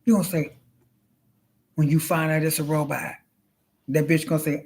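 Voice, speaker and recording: A woman's voice: sits low, flat delivery, moderate pace, pauses often, a little mellow, breathy edge. A woman hosting a casual, comic livestream, sassy and drawling, who keeps calling her listeners honey. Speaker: livestream host. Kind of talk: casual comedic livestream chat.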